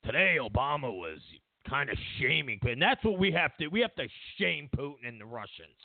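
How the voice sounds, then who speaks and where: A man's voice: medium pitch, very animated, a little fast, dry recording. A man hosting a talk show, ranting about politics with mocking sarcasm and acting out other people's voices. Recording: dry, phone-like lo-fi sound.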